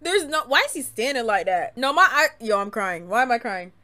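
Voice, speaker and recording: A young woman streaming a game live, loud and excitable, laughing often and swearing freely. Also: a little high, fairly quick. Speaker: Twitch gaming streamer.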